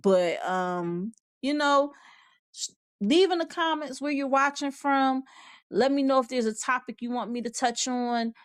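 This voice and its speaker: A woman's voice: sits high, measured pace, clear, resonant tone, dry recording. A woman hosting a live online show in a casual, rambling way. She laughs often and reads out viewer comments. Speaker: show host. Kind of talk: casual livestream chat.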